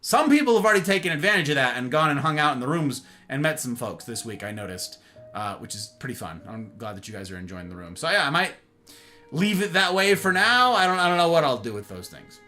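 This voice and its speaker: A man with a fairly high, bright voice hosts a casual livestream, swinging his pitch widely as he talks. He greets his viewers one by one and tosses in playful jokes. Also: quick pace, soft background music. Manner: animated, greets viewers warmly by name; playful, jokey asides. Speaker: livestream host.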